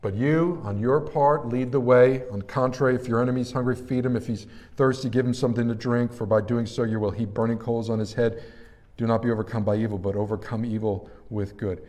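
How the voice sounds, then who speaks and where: A middle-aged man preaching a sermon, telling stories from his ministry and swinging between hushed passages and loud, excited ones. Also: medium pitch, a little fast. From New Jersey area, Italian-American family. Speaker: pastor. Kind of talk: sermon with personal storytelling.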